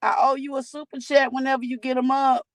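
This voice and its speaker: A woman's voice: sits high, flat delivery, fast, no room sound, poor audio. A woman hosting a casual livestream, talking candidly and chatting straight to her viewers. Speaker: livestream host.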